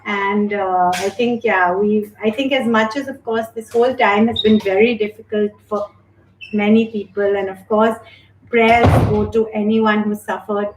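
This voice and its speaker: A woman hosting a live online yoga class, calmly guiding breathing exercises, then chatting warmly with viewers. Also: mid-range voice. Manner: calm, gentle and slow while guiding breathing. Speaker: yoga instructor and host. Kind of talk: guided yoga instruction and live chat. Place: home, indoors. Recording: echoey room with faint noise.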